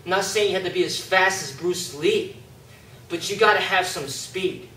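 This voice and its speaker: A man's voice: high-pitched, moderate pace, pushed and bright. A man talking casually as a martial arts instructor, loose and conversational, showing moves as he explains. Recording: echoey room, mic at a distance, faint background noise.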